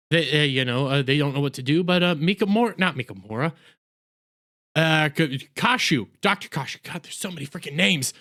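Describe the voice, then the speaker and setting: A man with a somewhat high voice talks through an anime episode in a loose, unscripted way. He rambles, fills gaps with "uh" and "you know," and keeps correcting himself as he goes. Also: sharp tone, clear, resonant tone. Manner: rambling, with frequent fillers and self-corrections. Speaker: anime reviewer. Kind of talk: casual episode recap.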